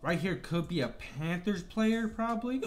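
Guy hosting his gaming channel, kinda high voice, chatty n upbeat, got the hiccups. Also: lively intonation, moderate pace, soft background music. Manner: upbeat, chatty, apologizes for slips. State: has the hiccups. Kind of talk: casual video game commentary.

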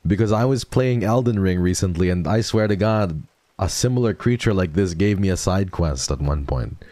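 A young man streaming casual chat, mock-emo and swearing freely, dropping to mumbles and then jumping into excited high squeals. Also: normal speed, no room sound.

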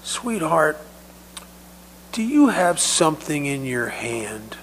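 A man voicing a gentle paramedic who softly coaxes a frightened child. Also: on the high side, lively intonation, unhurried, a crowd in the background, low-quality recording. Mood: coaxing. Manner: soft, coaxing. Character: gentle, patient male paramedic.

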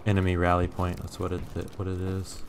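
A man chatting casually while playing a shooter game, calling out enemies with quick excited exclamations. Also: deep voice, background noise. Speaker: gaming streamer. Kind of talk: casual gameplay chat. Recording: game audio with loud gunfire.

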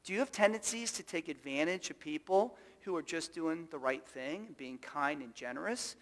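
A man's voice: a little high, lively intonation, moderate pace, a bit bright. Guy preaching a sermon, fires questions at the pews, echoey church. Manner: emphatic, asks the congregation rhetorical questions. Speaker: pastor. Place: church sanctuary.

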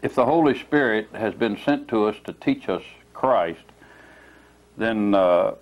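A male preacher with a somewhat low voice delivers a teaching sermon. He moves at a measured, deliberate pace and puts heavy stress on key words, in the manner of a teacher taking a congregation through scripture. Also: animated, muffled recording.

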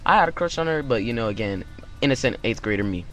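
A young man hosting his channel, telling a story-time tale in an animated way and acting out the quotes. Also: mid-range voice, fast talker. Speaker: YouTube channel host.

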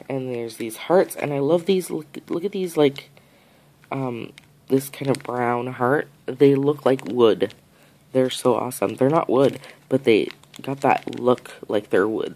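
A woman's voice: a bass voice, a little mellow, a little hiss or hum, rough recording. A woman vlogger chatting casually through a haul on camera, gushing over each item and repeating her praise. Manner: talks straight to the camera and the sender. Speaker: nail art vlogger. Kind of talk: casual haul unboxing chat.

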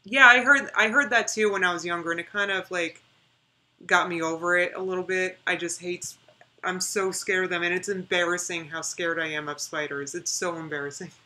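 Woman, young adult, live-stream chat, rambling, reads viewer comments, bright tone. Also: fairly low pitch, fairly even intonation, fairly quick.

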